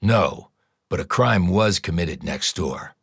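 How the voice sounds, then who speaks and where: A calm, blunt federal investigator, voiced by a male narrator, deep and measured, giving hard news without fuss. The sound is dry and close to the mic. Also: breathy edge, no room sound, heavily acted. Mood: businesslike. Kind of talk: audiobook character voice.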